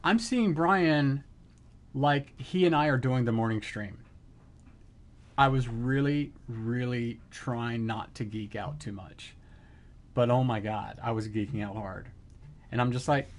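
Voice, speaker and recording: A middle-aged man streaming live, telling an excited story in casual chat and acting out the quotes. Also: medium pitch, moderate pace.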